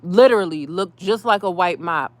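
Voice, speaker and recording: A woman ranting in a casual vlog, heated and profane, dropping to low mutters and rising to loud outbursts. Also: moderate pace, no room sound. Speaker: vlogger.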